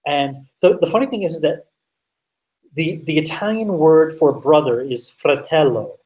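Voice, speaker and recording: A man telling a story as a guest, animated, full of fillers and swearing. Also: fairly high pitch, moderate pace, distant mic, low-quality recording. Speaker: podcast guest. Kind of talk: casual storytelling.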